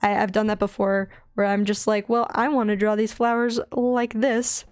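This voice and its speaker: A young woman with a light Southern accent, chatting in a bubbly, rambling way while she draws on a stream, often giggling and getting excited. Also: medium pitch, moderate pace, clear, resonant tone, no room sound. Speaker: digital artist streaming her drawing. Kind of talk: casual chatty art stream.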